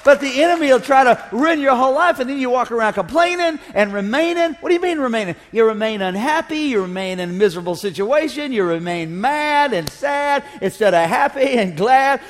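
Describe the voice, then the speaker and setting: A man's voice: very high voice, animated, a little fast, hardly any pauses. A man preaching a sermon as pastor, joking and drawing call-and-response from his congregation. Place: church sanctuary. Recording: long reverb of a church hall.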